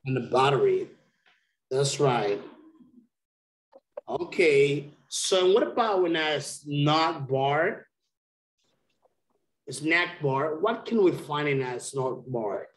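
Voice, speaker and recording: A man's voice: on the high side, lively intonation, drawn-out words, long pauses. A man teaching an English lesson over a video call, speaking patiently and repeating key words. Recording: roomy echo.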